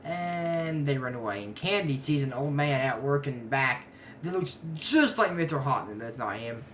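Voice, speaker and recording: A young adult in their twenties recaps a cartoon episode in loose, casual commentary and keeps wandering into side remarks. The pitch swings up and down all the time. A faint hiss sits behind the voice. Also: expressive, moderate pace. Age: 20s. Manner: rambling, digressive asides. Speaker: anime episode reviewer.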